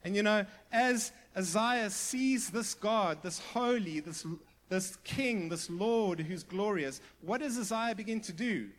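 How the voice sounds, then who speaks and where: High-voiced pastor preaching. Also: male voice, slow pace. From South Africa. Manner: earnest preaching with sudden drops to hushed emphasis; conversational, with asides and restarts. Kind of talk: sermon.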